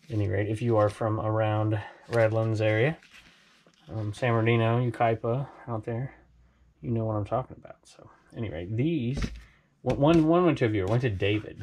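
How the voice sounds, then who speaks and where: A man's voice: on the low side, darkish tone, slight background noise. A man from Southern California, chatting casually to viewers as he shows items he resells. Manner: rambling, chatty, talks to viewers. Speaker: reseller vlogger. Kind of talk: casual chat.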